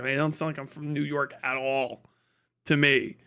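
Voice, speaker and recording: Cincinnati-raised male streamer, loose profane chatter, a touch higher than average. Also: steady tone, brisk, bright, forceful tone, clear, resonant tone. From Cincinnati, USA. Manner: profane, rambling, laughs through riffs on accents. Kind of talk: casual live-stream chat.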